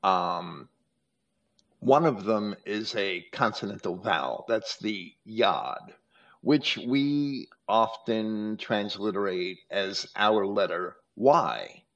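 A man with a lowish voice leads a scripture study lecture, his pitch rising and falling freely as he explains. He talks slowly and deliberately, pausing and restarting often. The recording sounds muffled and lo-fi. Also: lively intonation, a bit bright. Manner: deliberate, explanatory, with frequent hesitations. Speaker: host.

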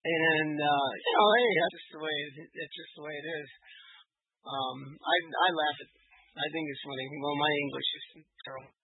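A man's voice: fairly high pitch, moderate pace, husky, no echo. A man in casual conversation on a phone call, rambling with hesitant restarts and frequent laughs. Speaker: caller. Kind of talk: casual chat. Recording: tinny phone line.

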